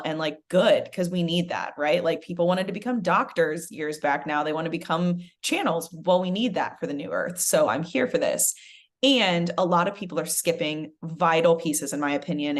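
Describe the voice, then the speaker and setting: Lady host just chatting, lots of right and you know, voice sits a bit low. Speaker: podcast host. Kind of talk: casual conversational podcast.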